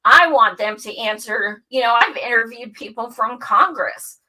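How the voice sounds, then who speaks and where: A woman's voice: on the high side, moderate pace, low-quality recording. A woman who hosts a show, telling her story in casual chat, candid and full of swearing. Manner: candid and profane, animated storytelling. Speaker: show host.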